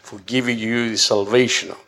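A man preaching a sermon, halting and often repeating words as he restarts his phrases. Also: medium pitch, little pitch movement, sharp tone.

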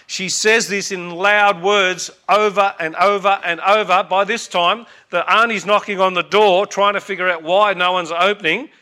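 A man's voice: sits high, bright, forceful tone. A man, preaching and telling a story in an earnest, emphatic way, repeating points for emphasis. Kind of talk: sermon storytelling.

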